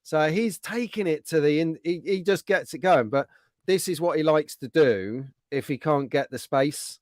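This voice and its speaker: A man's voice: on the high side, moderate pace, a little mellow, dry recording, clean studio sound. Chatty male slot car host. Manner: chatty, upbeat, banter with cohost. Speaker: livestream host. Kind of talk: casual chat.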